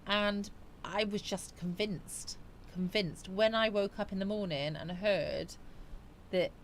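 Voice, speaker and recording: A woman's voice: medium pitch, slow pace, slight background noise. Chatty woman streamer. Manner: chatty and rambling, musing aloud with frequent fillers. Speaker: livestream host. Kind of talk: casual chat, reading viewer comments aloud.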